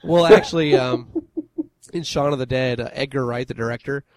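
A man co-hosting a podcast, chatting in a relaxed, joking way and chuckling between lines. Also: mid-range voice, normal speed, no echo. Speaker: podcast co-host. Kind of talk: casual chat.

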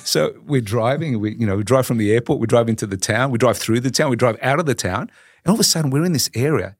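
An Australian man in his sixties, a podcast guest telling stories in a lively, animated way. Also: medium pitch, quick pace, breathy edge, no room sound, clean studio sound. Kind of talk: casual storytelling.

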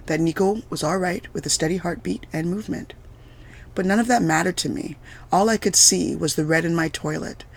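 Give me a woman narrating her own story for a podcast, with a gravelly edge of vocal fry. She keeps a measured, deliberate pace, with every sentence steady and composed. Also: low voice. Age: adult mother of several children. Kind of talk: reading a personal story aloud.

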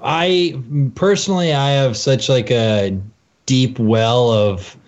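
A man's voice: medium pitch, slow pace. A man, a comedian co-hosting a podcast, chatting casually with wry, ironic asides. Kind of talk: casual chat. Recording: dull lo-fi podcast audio.

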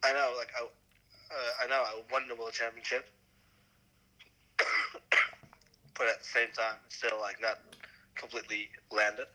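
A hoarse young man who keeps coughing, talking haltingly with many fillers as a guest on a phone call. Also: mid-range voice, little pitch movement, pushed and bright. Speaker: podcast guest, world champion. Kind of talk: casual chat.

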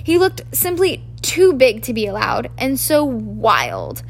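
A woman reading a book aloud as an amateur narrator, in a halting way with frequent restarts. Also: a little high, wildly swooping pitch. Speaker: audiobook narrator. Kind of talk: audiobook reading.

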